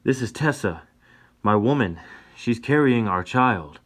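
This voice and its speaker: A man's voice: mid-range voice, expressive, unhurried, fairly bright tone, voice pushed up. A man doing a pleading young cowboy. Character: young cowboy, earnest and peaceable.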